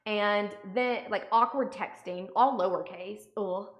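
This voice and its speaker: A young woman vlogger rants sarcastically and indignantly through a storytime while doing her makeup. She speaks a little slowly at a medium pitch, and the audio is dull. The recording has a roomy echo.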